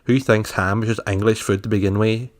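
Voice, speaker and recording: A man's voice: on the low side, fairly even intonation, brisk. A man, co-hosting a podcast in casual chat, joking and laughing as he tells stories. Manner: jokey storyteller, laughs often. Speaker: podcast co-host.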